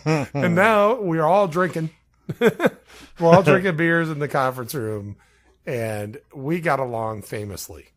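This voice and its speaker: A man's voice: medium pitch, a little slow. A man co-hosting a podcast, telling a story in a casual, laughing way. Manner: laughing, animated anecdote telling. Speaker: podcast co-host.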